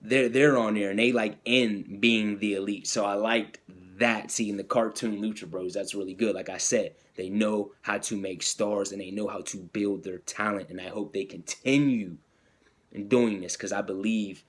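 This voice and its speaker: A man's voice: fairly even intonation, moderate pace. A man hosting a podcast, chatting casually and enthusiastically through a wrestling recap, full of fillers and restarts. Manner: acts out quotes in a higher voice. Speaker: podcast host.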